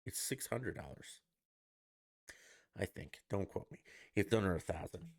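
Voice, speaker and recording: A man's voice: deep voice, animated, measured pace, creaky. A man hosting his own stream, ranting with profanity and sarcasm in casual solo commentary. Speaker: podcast host.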